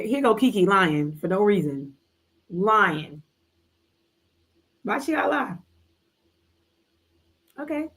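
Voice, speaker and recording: A woman's voice: mid-range voice, a bit bright. A woman hosting a live book club, retelling a story in a casual, slangy way with playful asides. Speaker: book club livestream host. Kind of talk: casual book recap chat.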